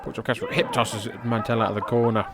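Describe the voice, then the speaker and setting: A man's voice: fairly low pitch, level tone, brisk, over a noisy crowd. A man hosting a podcast, giving casual play-by-play of old wrestling footage and thinking aloud as he goes. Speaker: podcast host.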